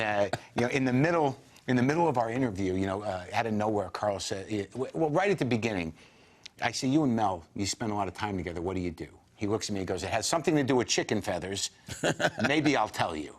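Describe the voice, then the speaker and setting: A man in his forties, a comedian guest on a talk show, telling animated anecdotes full of quoted voices. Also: on the low side. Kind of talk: storytelling in a talk show interview.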